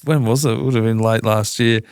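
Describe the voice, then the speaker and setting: A man's voice: fairly low pitch, steady tone, brisk, clear, resonant tone, no echo. An Australian man co-hosting a footy podcast, telling loose stories with crude banter and lots of laughing. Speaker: podcast co-host. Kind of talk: casual footy podcast chat.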